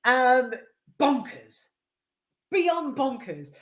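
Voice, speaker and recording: A woman's voice: high-pitched, very animated, extremely slow. A woman giving a casual, enthusiastic film review, rambling and hesitant with lots of fillers, restarts and casual swearing. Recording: roomy echo.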